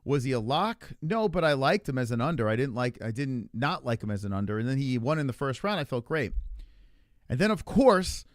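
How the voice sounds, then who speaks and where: A male livestream host talks in a loose, rambling way, swearing freely as he reacts to the chat. His voice sits at an ordinary middle pitch. The sound is dry, with no room around it. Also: expressive, a little fast, few pauses, no echo. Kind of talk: casual profane livestream chat.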